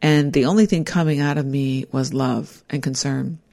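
A woman's voice: a bass voice, steady tone, moderate pace, creaky, dark tone. A middle-aged woman giving a personal, reflective talk about life lessons, earnest and heartfelt. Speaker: speaker sharing life lessons.

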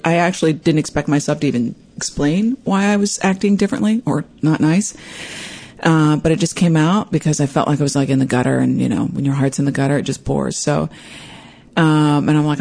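A woman hosting her own podcast, telling a personal story in a lively way and acting out what people said. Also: low-pitched. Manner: animated, acts out quoted voices. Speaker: podcast host.

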